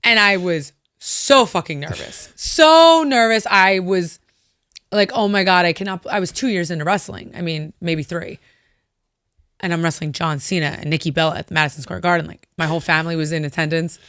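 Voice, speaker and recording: A woman in her thirties, a guest in a studio interview, telling a story casually and acting out what people said in animated voices. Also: lowish voice, brisk, no room sound. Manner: animated, acts out quotes in lively voices, swears casually. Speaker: interview guest, former wrestler.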